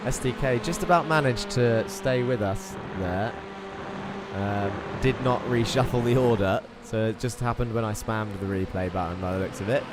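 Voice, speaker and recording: A man hosting live sim racing commentary in a chatty, excitable way, reading out viewer chat between the action. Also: lowish voice, moderate pace. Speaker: race commentator and host. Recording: game car engine noise underneath. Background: racing car engine noise.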